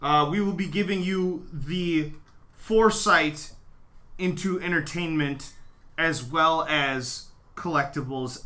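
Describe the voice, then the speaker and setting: Playful, bright-voiced man podcast host. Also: mid-range voice. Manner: playful, mock-grandiose, laughs often. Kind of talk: casual podcast chat.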